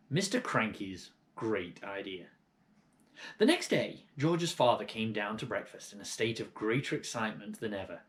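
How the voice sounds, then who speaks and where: Male storybook narrator, very lively pitch, expressive reading. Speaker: audiobook reader.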